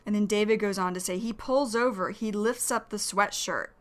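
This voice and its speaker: A woman's voice: medium pitch, moderate pace. A woman teaching an English vocabulary lesson, explaining words carefully and repeating them.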